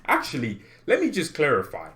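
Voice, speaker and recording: Excitable man ranting as a football fan. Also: fairly high pitch, a little fast. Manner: excitable, jokey, laughs often, repeats for emphasis. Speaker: football fan channel host. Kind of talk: animated fan rant to camera.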